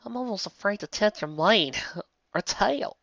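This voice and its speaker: A woman voicing an emotional, overwhelmed adult woman with breathless, high exclamations, recorded dull and lo-fi. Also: expressive, measured pace, gravelly, fairly bright tone, no echo.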